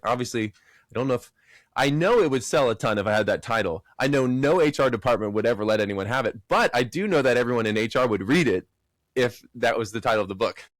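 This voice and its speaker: A man's voice: mid-range voice, brisk, no room sound. A man co-hosting a podcast in casual chat, telling stories with animation and acting out other people's lines in a raised voice. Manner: animated storyteller, acts out quotes in raised voices. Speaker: podcast co-host.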